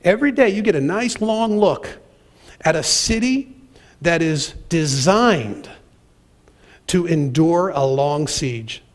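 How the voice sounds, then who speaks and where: A man preaching a sermon and reading scripture aloud, with dramatic pacing and emphatic, acted-out quotes. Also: on the high side. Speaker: pastor.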